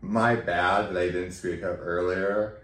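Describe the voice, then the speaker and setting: Very deep-voiced man telling his story. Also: measured pace. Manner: emotional, animated, acts out quoted dialogue. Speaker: podcast guest. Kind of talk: candid conversational storytelling. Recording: roomy echo, faint background noise.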